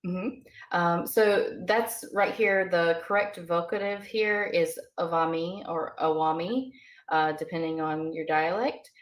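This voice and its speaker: Low-voiced woman teaching, full of ums. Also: fairly even intonation, slow pace. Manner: hesitant, many ums and uhs. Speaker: language teacher. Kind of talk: casual lesson explanation.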